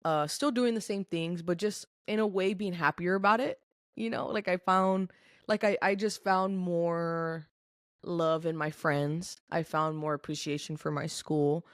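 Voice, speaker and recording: A young adult woman, appearing as a podcast guest, tells a personal story in casual chat, candid and earnest, getting emotional and filling her speech with "like." Her voice sits on the low side with a steady tone and measured pace. The recording is studio quality with no room sound.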